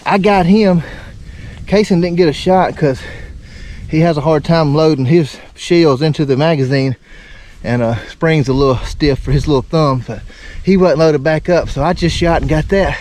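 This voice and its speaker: A man, narrating his duck hunt in a folksy, excitable way, recorded outdoors in a windy marsh on a camera mic. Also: fairly high pitch, moderate pace. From Alabama. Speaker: duck hunter and channel host. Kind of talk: outdoor hunting vlog narration. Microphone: handheld camera mic.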